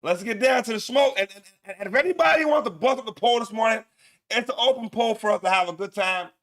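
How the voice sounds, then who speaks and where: A man hosting a casual news commentary show, loud and profane, laughing often and repeating himself. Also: very high-pitched, quick pace. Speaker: show host.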